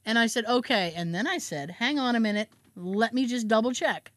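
A woman's voice: on the high side, normal speed, dry recording. A woman chatting casually as a podcast host, telling a story with lots of swearing and acting out both sides of phone calls. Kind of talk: casual chat.

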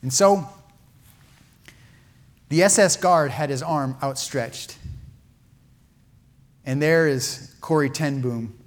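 A man preaching a heartfelt sermon, his voice sitting a little higher than most men's. He swings from loud, emphatic peaks down to hushed, almost whispered lines. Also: slow pace, long pauses. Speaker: pastor.

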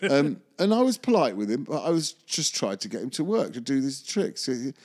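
A man's voice: mid-range voice, big pitch swings, moderate pace. A man, a magician, telling a rambling anecdote in an interview, often correcting himself and chuckling. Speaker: magician recalling film work.

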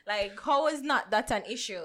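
A woman with a Jamaican accent, co-hosting a podcast in a lively casual chat, telling stories and exclaiming. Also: fairly high pitch, moderate pace. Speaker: podcast co-host.

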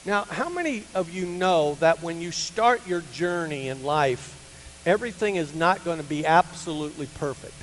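An older man, a pastor, telling a personal story in a sermon to a church, animated and rising to loud, emphatic peaks. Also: a little high, normal speed. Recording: hall reverb with faint hum.

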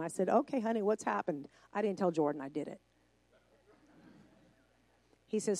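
A woman's voice: mid-range voice, normal speed, a little mellow, no echo. Middle-aged woman preaching, tells stories, acts out the voices, dry close sound. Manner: storytelling, acting out dialogue, rising to passionate emphasis. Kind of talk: sermon storytelling.

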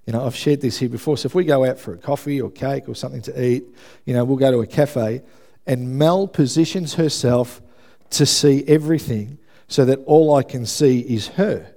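Gravelly, mellow-voiced pastor. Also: male voice, mid-range voice, moderate pace. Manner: conversational, often checks in with "yeah?". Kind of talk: sermon.

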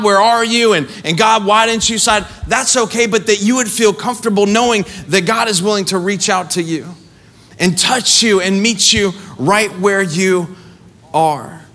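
A man preaching a sermon as pastor, passionate, building to shouted exhortation. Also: sits high. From family roots in the American South. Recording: faint music under the voice.

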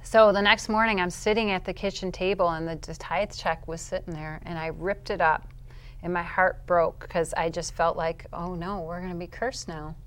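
A woman being interviewed, telling a personal faith testimony as a vivid storyteller. She drops to quiet, low narration and rises to loud, high-pitched bursts. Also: steady tone, moderate pace, clear, resonant tone. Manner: vivid storyteller who acts out her own past outbursts. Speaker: interview guest.

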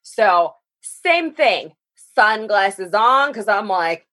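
A woman's voice: very slow, dry recording. A young adult woman telling a story in casual chat, acting out every quote with big swings. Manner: animated, acts out quotes with big pitch swings. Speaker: co-host.

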